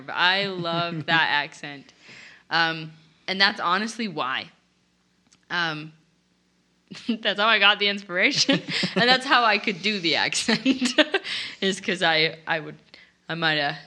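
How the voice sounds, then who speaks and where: A woman's voice: fairly low pitch, sharp tone. A woman co-hosting a podcast in casual chat, giggling as she tells stories about herself. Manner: giggly, self-deprecating. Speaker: podcast co-host and voice actor.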